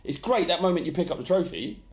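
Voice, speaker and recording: A man's voice: fairly high pitch, lively intonation, fast talker. A man co-hosting a football podcast, talking bluntly and full of opinions in casual banter. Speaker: podcast co-host. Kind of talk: casual chat.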